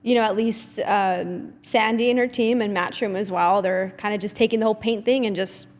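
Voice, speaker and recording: A woman's voice: medium pitch, steady tone, normal speed, darkish tone, long reverb tail. A woman hosting a podcast in casual chat, laughing often and telling stories with animation. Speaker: podcast host.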